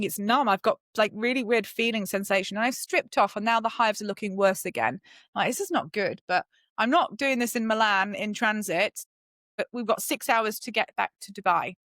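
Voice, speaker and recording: A middle-aged British woman, a podcast guest, telling a personal story in a lively way and acting out the voices she quotes. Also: fairly quick, dry recording, studio quality. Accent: British English. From Britain. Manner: lively, acts out quoted voices with sudden high jumps. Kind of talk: animated storytelling.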